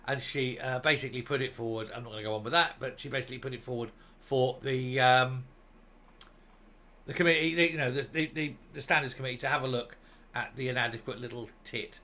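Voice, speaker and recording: A man's voice: mid-range voice, fairly even intonation, brisk, bright, forceful tone. An older man hosting a ranting opinion monologue, scornful and mocking, rambling with fillers. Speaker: political commentary host.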